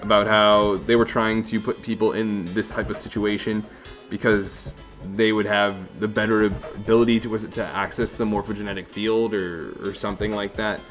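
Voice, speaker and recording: Guy doing a let's play, reads the game text out loud, casual side comments, faint music behind. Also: lowish voice, little pitch movement, normal speed. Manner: casual, chuckling asides between read lines.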